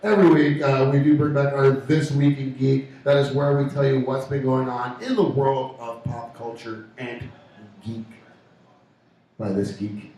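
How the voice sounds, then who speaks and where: A man's voice: medium pitch, level tone, normal speed, mellow. A man co-hosting a casual radio show, joking and laughing often. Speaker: co-host of a pub radio show. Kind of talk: casual banter. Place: pub. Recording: echoey pub room from far off. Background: faint room noise.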